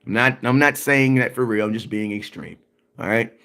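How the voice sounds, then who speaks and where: A man's voice: on the low side, moderate pace, a bit bright. A man hosting a sports livestream, ranting emphatically in slangy, repetitive talk and answering viewer comments. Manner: emphatic and repetitive, slangy, often asks "you know what I'm saying". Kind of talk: animated livestream rant.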